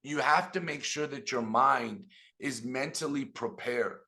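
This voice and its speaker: Gravelly middle-aged man giving motivational talk. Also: mid-range voice, a little slow. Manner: animated storytelling with audience asides. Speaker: business trainer. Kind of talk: motivational talk on a video call.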